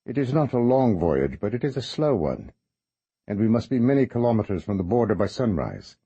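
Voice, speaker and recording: A man's voice: on the low side, very animated, fairly quick, warm tone, husky, muffled recording, full character voice. A man voicing a polite, salesmanlike man with a vaguely British accent and formal speech. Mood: courteous. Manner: formal, courteous.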